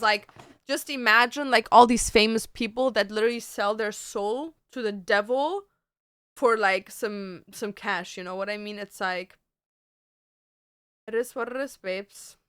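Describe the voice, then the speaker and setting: A woman streamer talks casually and bluntly to her viewers, with plenty of swearing and "babes." Her voice is fairly high, bright and crisp, close and dry. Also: no room sound. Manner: blunt, profane, keeps calling listeners babes.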